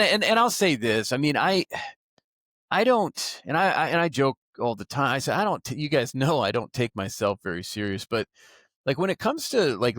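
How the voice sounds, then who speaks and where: Animated man, voice swinging widely. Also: lowish voice, no echo, studio quality. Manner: animated, acts out quoted remarks; candid and self-critical. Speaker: market director; guest. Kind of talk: casual interview talk.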